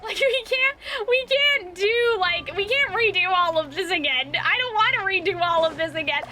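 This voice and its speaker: A young woman streaming a video game, who rambles excitedly, screams a lot, and peppers her talk with like and bestie. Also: very high-pitched, normal speed. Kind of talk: casual live gameplay commentary. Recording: home streaming mic with game music playing.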